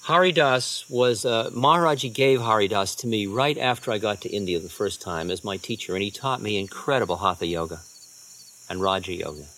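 A man, a spiritual teacher, telling unhurried rambling anecdotes with soft trailing asides. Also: on the low side, a little hiss or hum. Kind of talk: storytelling talk.

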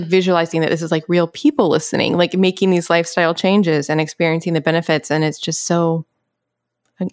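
A woman co-hosts a podcast in easy, casual conversation. Her voice sits a little low for a woman, and she rambles with "like" and quick giggles. The sound is dry and close to the mic. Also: no echo. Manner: chatty, giggly, lots of "like". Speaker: podcast co-host.

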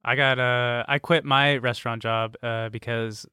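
A young man with an ordinary mid-range voice, co-hosting a comedy podcast. He teases his partner with quick jokes and interjections. The mic is close and dry. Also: mid-range voice, fairly even intonation, bright, forceful tone, smooth, no echo. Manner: teasing, quick joking interjections. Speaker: podcast co-host. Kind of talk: casual comedic chat.

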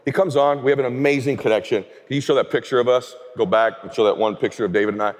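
Fast, husky-voiced man in an echoing hall. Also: medium pitch. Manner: energetic storyteller, emphatic. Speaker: keynote speaker. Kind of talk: motivational keynote speech. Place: large event stage.

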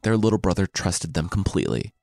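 A man's voice: low-pitched, big pitch swings, a little fast, vocal fry, a little mellow, faint music behind. A man telling a story as comedy, with irreverent, sarcastic asides.

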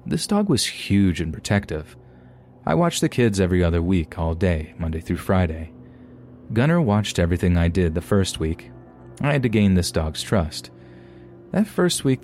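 A man narrating submitted true scary stories in a calm, measured storytelling manner. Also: deep voice, a little hiss or hum. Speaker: podcast narrator.

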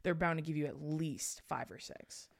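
A young woman from Southern California co-hosting a podcast in casual chat, telling stories quickly and bluntly with plenty of swearing. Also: deep voice, gravelly. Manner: quick storytelling, blunt and profane. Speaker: podcast co-host.

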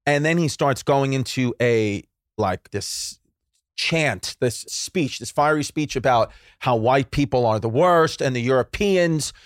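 A man's voice: medium pitch, a little slow, no room sound, clean studio sound. A man in his thirties from New York, a comedian telling rambling, jokey stories in casual podcast chat. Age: 30s. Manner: rambling, animated storyteller with jokey asides. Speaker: guest comedian.

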